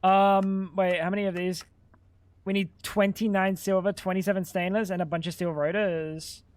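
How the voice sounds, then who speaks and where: A man's voice: high voice, level tone, moderate pace. A young man live-streaming a game, chatting casually and bantering with chat while swearing freely.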